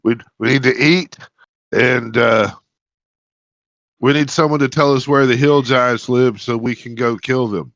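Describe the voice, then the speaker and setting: A man's voice: mid-range voice, unhurried, fairly bright tone, dry recording, dull audio. A man playing a tabletop game, talking in a casual, rambling way. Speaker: player. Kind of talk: tabletop role-play.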